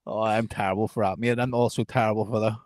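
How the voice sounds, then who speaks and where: A man's voice: lowish voice, steady tone, fast talker, crowd noise. A Northern Irish man co-hosting a podcast, trading laddish, sweary banter in casual chat. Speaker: podcast co-host.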